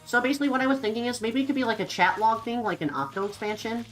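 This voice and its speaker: A woman's voice: on the high side, rapid-fire, faint music behind, poor audio. A young woman streaming a game and chatting casually with viewers in a rambling style, full of fillers. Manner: rambling, filler-heavy, lively.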